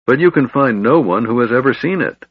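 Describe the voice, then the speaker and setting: A man's voice: mid-range voice, animated, brisk, husky, dry recording, muffled recording, pitched above the performer's own voice. A man voicing a bitter, honor-bound young knight with a grave, brooding delivery.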